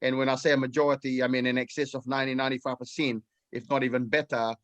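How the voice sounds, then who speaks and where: A man's voice: mid-range voice, flat delivery, fast talker, fairly bright tone, dry recording. A man from New Zealand, a farmer guest in an interview, speaking hesitantly with many fillers. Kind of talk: casual interview.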